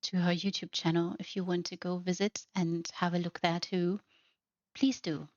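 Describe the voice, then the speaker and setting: A woman's voice: lowish voice, little pitch movement, normal speed, darkish tone, no room sound, muffled recording. A woman hosting a narrated house tour, gushing with effusive praise. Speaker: host.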